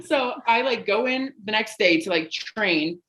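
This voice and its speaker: A woman's voice: medium pitch, lively intonation, measured pace, low-quality recording. A young woman from Colorado, a bartender and comedian, telling stories as a guest on a casual podcast with lots of laughter and swearing. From Colorado, USA. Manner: loud, laughing, swearing storyteller.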